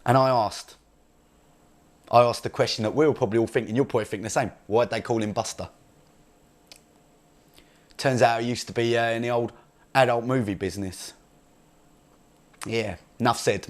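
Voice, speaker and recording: A man's voice: mid-range voice, close to an everyday voice. A man playing a brash, crude young male chav from Essex, rambling boastfully in an improvised comedy monologue with an Essex accent. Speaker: comedy character.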